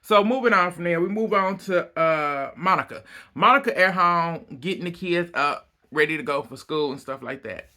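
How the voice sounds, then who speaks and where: A man's voice: fairly high pitch, moderate pace, bright, forceful tone. A man giving a blunt, profane, exasperated casual recap of a reality TV episode.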